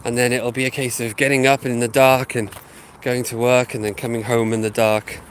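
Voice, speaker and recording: A man's voice: medium pitch, flat delivery, normal speed, a little hiss or hum. A man with a sniffly head cold, casually rambling to his viewers with lots of ums while he walks his dog outdoors and talks into a phone. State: sniffly with a sinus infection. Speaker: channel host. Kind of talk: casual live chat to viewers while walking. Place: outdoors, walking a dog through a housing estate. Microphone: phone held while walking.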